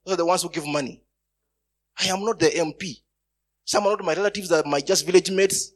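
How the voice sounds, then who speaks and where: Man, preacher, husky, slightly high, sermon with loud bursts. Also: a little fast. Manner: storytelling, bursts of loud emphasis.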